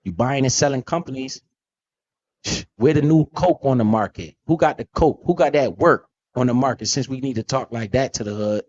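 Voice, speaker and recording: A man's voice: mid-range voice, normal speed, a little mellow, muffled recording. A man hosting a casual, profane talk about investing, blunt and emphatic with lots of slang. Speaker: podcast host.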